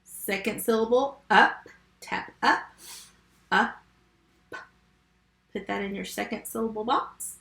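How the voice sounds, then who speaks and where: Her mid-range voice is creaky and a bit bright, echoing in a reverberant space as she teaches first grade phonics remotely. She sounds out words slowly and patiently gives instructions one step at a time.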